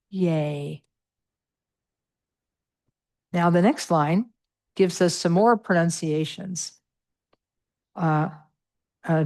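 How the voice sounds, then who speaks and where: A woman's voice: sits low, a little mellow. A middle-aged woman teaching a Buddhist meditation class, patiently walking through pronunciation with many fillers.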